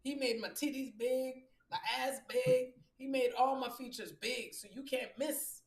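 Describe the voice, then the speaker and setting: Brash woman with a strong low voice. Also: unhurried, recorded from a distance. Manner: loud, profane and animated. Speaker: host. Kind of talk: casual spiritual chat.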